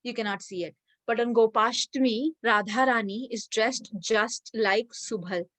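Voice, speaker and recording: A woman giving a devotional talk, telling a sacred story with lively, animated delivery. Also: fairly high pitch, unhurried, dry recording. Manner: animated storyteller, many fillers. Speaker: devotional speaker.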